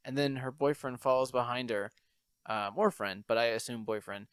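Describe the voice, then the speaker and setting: A young man hosting a podcast tells a funny story in casual chat, laughing often and acting out what people said. His mid-range voice moves at a moderate pace, with a clean tone and a dry recording.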